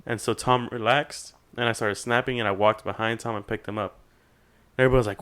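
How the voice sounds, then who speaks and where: A young man telling a long, animated story in casual podcast chat, swearing freely and acting out other people's voices. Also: medium pitch, normal speed, clean tone. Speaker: podcast guest.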